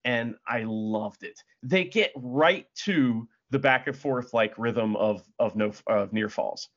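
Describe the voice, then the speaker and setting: A man co-hosting a casual wrestling chat, animated, swearing freely and acting out quotes. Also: medium pitch, slow pace. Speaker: podcast co-host. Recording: dull lo-fi audio.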